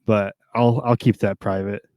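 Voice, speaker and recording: A man's voice: on the low side, level tone, moderate pace, a little mellow, dry recording, clean studio sound. A young man co-hosting a podcast, joking and rambling in casual chat, laughing often. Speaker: podcast co-host.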